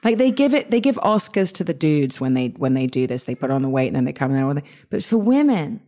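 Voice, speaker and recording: An English woman guest telling stories in a lively, chatty way, with many restarts and quoted asides. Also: low voice, fairly quick. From England. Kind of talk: casual interview storytelling.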